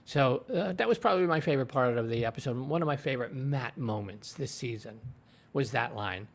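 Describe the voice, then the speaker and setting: Talking fairly quickly with few pauses, a TV show reviewer rambles through an episode's scenes into his desk mic, using plenty of fillers. His medium-pitched voice is gravelly, with lively intonation.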